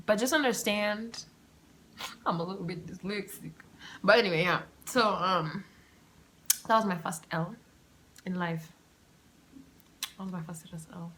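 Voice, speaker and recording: A young woman hosting her own podcast, telling a story in a chatty, animated, self-mocking way. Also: on the low side, a little hiss or hum. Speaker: podcast host. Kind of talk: casual solo storytelling. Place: room at home with the windows open.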